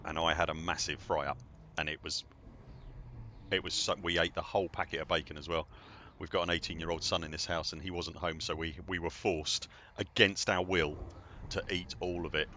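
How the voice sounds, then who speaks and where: A man's voice: deep voice, flat delivery, brisk, sharp tone, a little hiss or hum. A man, chatting and joking in a rambling way as a game streamer at home. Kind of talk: casual livestream chat.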